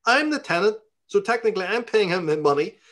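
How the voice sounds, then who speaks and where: A middle-aged man with a Belfast accent tells stories in an interview, his voice sitting a little high for a man. He talks in an animated, profane rant, piling up curses as he goes. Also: fairly quick. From Northern Ireland. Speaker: interview guest. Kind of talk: storytelling in conversation.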